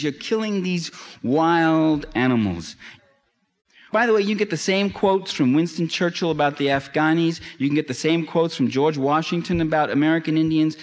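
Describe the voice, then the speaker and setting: A man giving a public lecture, emphatic and sardonic, building to impassioned climaxes. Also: fairly high pitch. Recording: long hall reverb.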